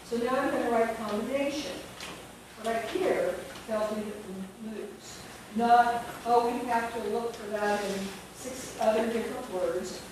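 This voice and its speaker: A woman leads a classroom workshop, explaining spelling step by step and thinking aloud as she goes. She sounds distant from the mic. Her voice carries a heavy room echo over steady background noise. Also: on the high side. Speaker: teacher trainer. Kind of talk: classroom teaching. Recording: echoey room from far off with noise.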